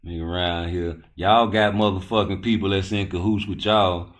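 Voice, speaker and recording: A man's voice: low-pitched, fairly even intonation, moderate pace. A man hosting a live boxing talk stream, rambling loosely and cursing as he answers his chat. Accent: Baltimore. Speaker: boxing talk show host.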